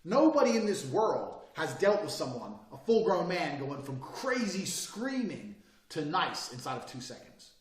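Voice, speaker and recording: A man talking bluntly and profanely in a casual monologue, swinging between loud bursts and quiet, calm lines. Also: fairly high pitch, a little slow, reverberant, recorded from a distance.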